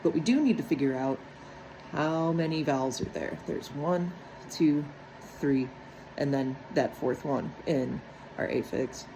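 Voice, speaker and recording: A woman's voice: low-pitched, unhurried, warm tone, a little hiss or hum, rough recording. A woman walking step by step through a phonics lesson on breaking words into syllables, checking in often with "right?". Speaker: teacher.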